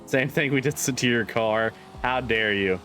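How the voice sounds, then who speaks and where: A man's voice: mid-range voice, a little slow, fairly bright tone, a little hiss or hum. A man streaming a driving game live, chatting casually, swearing and repeating himself as he gets frustrated.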